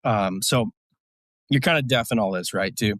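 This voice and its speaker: A man's voice: fairly low pitch, moderate pace, a bit bright, no echo. A man, a military veteran guest, telling a story casually in a blunt, profane, rambling way with lots of fillers.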